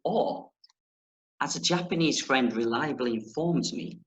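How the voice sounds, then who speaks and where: With a medium-pitched, fairly bright voice and a measured pace, a man who teaches primary school jokes around playfully in an online reading lesson for children before reading a story aloud expressively. An echo from the room is audible.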